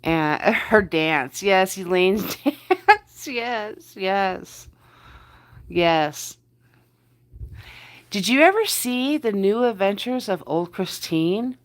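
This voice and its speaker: In a mid-range, expressive voice, this New Jersey-accented woman draws out her words and leaves long pauses. She's hosting a casual livestream from bed under the covers, chatting with viewers, greeting them by name, and repeating herself.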